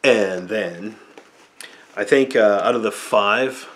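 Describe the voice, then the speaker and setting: A man's voice: lowish voice, takes it slowly, fairly bright tone. A man giving a casual, off-the-cuff movie review, rambling loosely with lots of "like" and "or whatever.". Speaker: movie reviewer, channel host.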